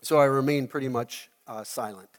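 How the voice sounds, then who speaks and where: Animated male pastor in an echoey hall. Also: mid-range voice, moderate pace. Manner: animated storytelling, acting out the scenes he tells. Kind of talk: sermon. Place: church hall.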